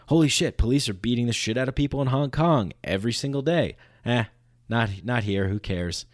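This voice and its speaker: A man hosting a podcast, delivering a sarcastic satirical monologue in rapid-fire mock voices. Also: medium pitch, dry recording, studio quality. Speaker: podcast host.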